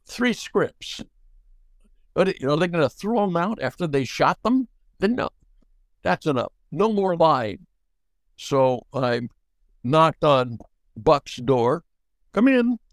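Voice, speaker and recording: An older man, a guest actor, telling anecdotes in an animated way and acting out the dialogue. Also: a little high, dry recording. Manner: animated, acts out dialogue in quotes. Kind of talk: anecdotal storytelling.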